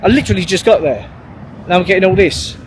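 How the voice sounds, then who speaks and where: A man's voice: high-pitched, animated, fast talker, slight background noise. Rambling, sweary man. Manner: rambling, sweary, full of fillers and restarts. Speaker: vlogger. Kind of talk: casual storytelling monologue.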